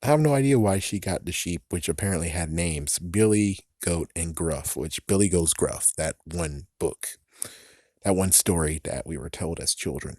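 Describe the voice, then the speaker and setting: Low-voiced man ranting, exasperated and profane. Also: normal speed, darkish tone, no room sound, studio quality. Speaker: movie reviewer. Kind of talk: ranting movie review.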